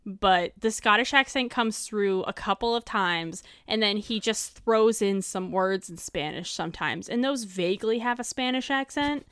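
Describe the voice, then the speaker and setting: A woman's voice: mid-range voice, moderate pace, few pauses, a bit bright, smooth, no room sound. Laughing, swearing woman podcast co-host. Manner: laughs often, casual swearing. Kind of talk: casual film review chat.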